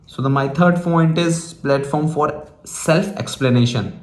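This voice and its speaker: A man hosting an English practice discussion, talking in a halting way with frequent pauses. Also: fairly high pitch, reverberant. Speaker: host.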